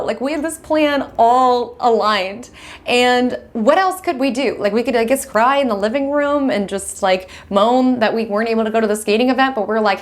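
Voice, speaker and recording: Animated chatty young woman. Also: fairly high pitch, fairly quick. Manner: animated, chatty, laughs often. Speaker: astrology host. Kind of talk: casual astrology vlog talk. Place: room at home with window open.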